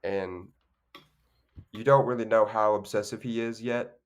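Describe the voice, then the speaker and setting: As a podcast co-host, a man with a lowish, smooth voice talks a little slowly and with fairly even intonation. He chats casually about a movie, rambling loosely with plenty of fillers and restarts.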